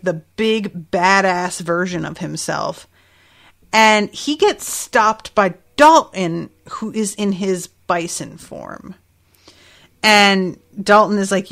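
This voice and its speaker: A woman's voice: medium pitch, gravelly, a bit bright. A woman hosting a podcast, recapping an episode in a chatty way with laughing asides and frequent fillers. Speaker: podcast host.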